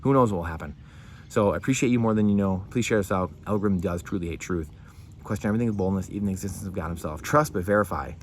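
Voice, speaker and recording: A man's voice: sits low, rapid-fire, a little hiss or hum. A man hosting his own channel, delivering a heated solo monologue full of impassioned rhetorical questions. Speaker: channel host.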